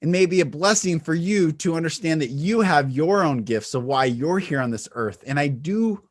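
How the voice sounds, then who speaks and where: A man's voice: animated, normal speed. Earnest man giving a spiritual talk. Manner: earnest, varies pitch, volume and pace to demonstrate, with light laughs. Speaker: speaker and retreat leader.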